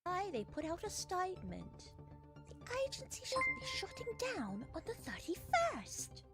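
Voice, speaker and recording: A woman putting on a perky female news presenter with a deliberately poor, over-exaggerated British accent. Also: extremely high pitch, wildly swooping pitch, over music, voice pushed up, heavily acted. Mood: newsy. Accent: put-on, poor British. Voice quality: exaggerated, deliberately mispronounced words. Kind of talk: mock news-show character bit.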